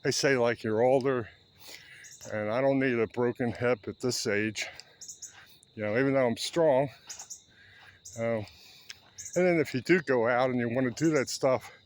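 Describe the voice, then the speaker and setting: Man, 70s, unhurried chatty vlogger on a park walk, faint outdoor hiss. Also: medium pitch. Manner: chatty, rambling, talking while walking. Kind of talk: casual walking vlog.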